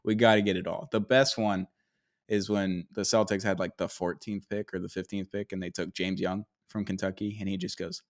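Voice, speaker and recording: A man co-hosting a casual sports podcast, talking in a slightly low voice. He jokes around and often breaks into laughter partway through a sentence, speaking into a podcast mic. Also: little pitch movement, moderate pace. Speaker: podcast co-host.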